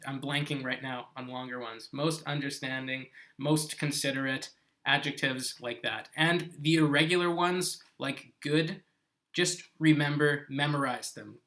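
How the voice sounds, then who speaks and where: A man with a medium-pitched, pushed, bright voice teaches English grammar in a live-streamed lesson. He explains patiently and keeps checking in with viewers by asking "okay?" He lives on an island in South Korea.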